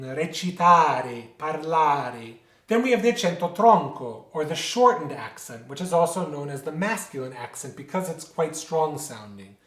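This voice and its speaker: Man teaching music in a roomy space. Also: on the high side. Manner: explanatory, poses rhetorical questions and answers them. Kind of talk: instructional lecture. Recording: roomy echo.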